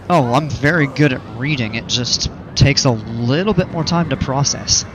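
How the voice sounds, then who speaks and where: Casual male streamer, rambling, mid-pitched, faint background noise. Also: moderate pace, hardly any pauses, a crowd in the background. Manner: rambling, chatty, explains at length. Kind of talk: casual livestream chat while playing.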